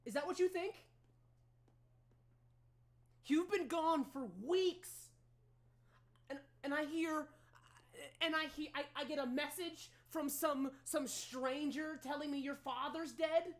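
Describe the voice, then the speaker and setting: Tabletop queen mother, high and tearful, scolding , put on by a woman. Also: steady tone, a little slow. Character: weeping frantic queen mother in nightgown.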